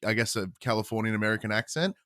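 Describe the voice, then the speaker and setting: A man with an Australian accent, a podcast guest chatting casually, animated and blunt, with many stammered restarts and swearing. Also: on the low side, rapid-fire, dry recording, clean studio sound.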